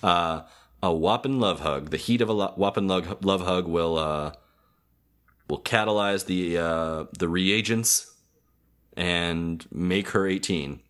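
A man's voice: sits low, slow pace, fairly bright tone. A man co-hosting a podcast, casually recapping a cartoon episode in a rambling, hesitant way, full of ums and self-corrections. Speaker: podcast co-host.

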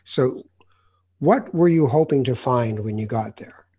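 A man's voice: mid-range voice, animated, a little slow, warm tone, breathy edge. A man hosting an interview, asking questions and musing thoughtfully in conversation.

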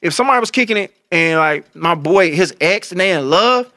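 A young man co-hosting a casual chat, telling loud, animated stories full of crude slang. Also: high-pitched, brisk, dry recording, clean studio sound. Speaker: podcast co-host.

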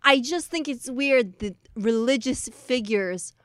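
A woman co-hosting a casual podcast chat, talking in a relaxed, conversational way and laughing easily. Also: fairly high pitch, slow pace, no room sound, clean studio sound. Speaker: podcast co-host.

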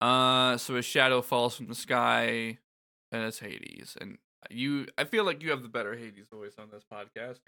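A man's voice: medium pitch, normal speed, vocal fry, sharp tone. A man co-hosting a casual podcast, reading story beats aloud in a wry, joking manner. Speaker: podcast co-host. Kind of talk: casual podcast chat recapping a game.

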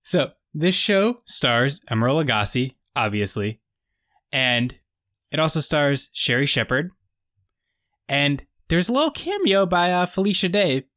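A man co-hosting a casual podcast, recapping a TV episode in an animated, joking way. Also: a little high, unhurried, no room sound, studio quality. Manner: animated, joking, retells scenes with quoted voices. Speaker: podcast co-host.

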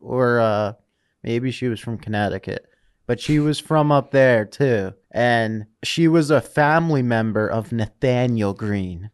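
A man's voice: mid-range voice, unhurried, smooth, dry recording, studio quality. A man co-hosting a podcast, reading history notes aloud and riffing on them with crude jokes. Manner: reads from notes then riffs with crude jokes. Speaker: podcast co-host. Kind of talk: casual history podcast chat.

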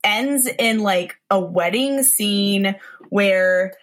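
A woman's voice: mid-range voice, drawn-out words. Sarcastic woman reviewing a movie. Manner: sarcastic, incredulous, many "like" fillers. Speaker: podcast co-host. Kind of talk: casual movie review chat.

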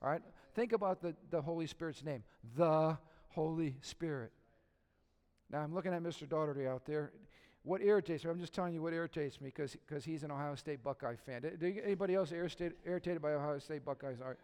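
A middle-aged male pastor delivers a conversational sermon in a slightly high voice, asking the congregation questions and mixing in humor. He moves between hushed, intimate stretches and loud, emphatic peaks. His voice carries a long reverb from a church sanctuary. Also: fast, clean tone.

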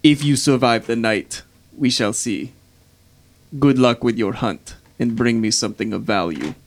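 An ancient red dragon, menacing and sure it owns everything in sight, played by a man running the game. The voice is middling in pitch and rolls out slow, ominous pronouncements. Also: close to an everyday voice. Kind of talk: tabletop role-play.

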